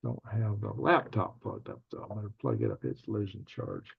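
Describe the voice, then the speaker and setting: A man's voice: lowish voice, normal speed, gravelly, husky, dull audio. A man hosting a casual livestream, reading viewer comments aloud and answering them in a rambling, thinking-aloud way. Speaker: livestream news host.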